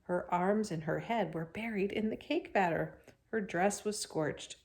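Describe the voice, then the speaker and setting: Speaking at medium pitch and a little slowly, she reads expressively from a chapter book to kids. Every so often she stops to chat with them directly.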